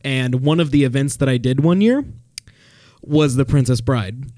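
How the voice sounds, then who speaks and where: A man's voice: mid-range voice, normal speed, warm tone, no echo, studio quality. A man co-hosting a casual podcast, playful and fond of quoting movies. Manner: playful, breaks into movie-quote impressions. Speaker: podcast co-host. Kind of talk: casual chat.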